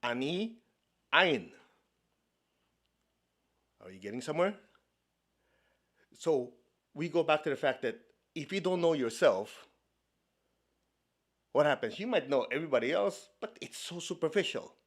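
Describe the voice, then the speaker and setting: His voice runs on the high side with lively intonation, a bit slow and full of pauses. The speaker is a Chinese man teaching meditation in a spiritual talk that feels conversational and playful; he checks in with listeners often, laughs a lot, and adds playful asides.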